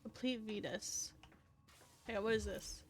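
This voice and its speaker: A young woman streaming a game, rambling and swearing while she chats with viewers, sniffly and clearing her throat. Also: steady tone, unhurried, slight background noise. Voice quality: high, youthful voice she calls cute. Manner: rambling, swears often, reacts to chat. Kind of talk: casual game stream chat.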